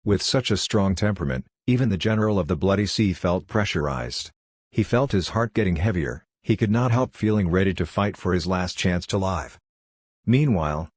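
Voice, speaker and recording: A man narrating an audiobook in a steady, even reading voice. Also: low-pitched, no echo, clean studio sound.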